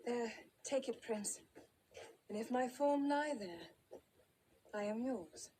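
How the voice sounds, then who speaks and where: A gracious young noble lady in a verse drama, hushed and soft. She speaks slowly with a mellow tone. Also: fairly high pitch, expressive, a little hiss or hum. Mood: gentle.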